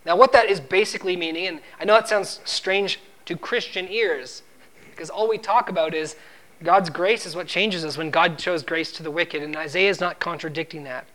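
High-voiced man preaching with emphasis. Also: moderate pace, fairly bright tone. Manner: emphatic, rises in pitch and volume when driving a point; quotes scripture and acts out the servant's lines. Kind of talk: sermon.

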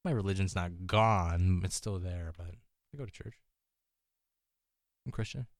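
A young man in casual chat as a podcast guest, laid-back and quick to laugh. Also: sits low, dry recording, studio quality. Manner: laid-back, laughs easily, tries silly voices.

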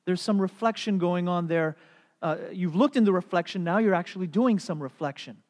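A man's voice: high-pitched, brisk. A middle-aged man preaches a sermon as the pastor, his slightly raised voice ringing through a long, reverberant church hall. He tells stories with animation and slips into playful voices along the way. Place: church sanctuary.

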